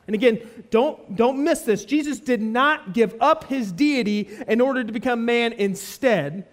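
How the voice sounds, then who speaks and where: Male preacher, very high voice, earnest expository sermon style. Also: measured pace. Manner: earnest, emphatic teaching with frequent restatement.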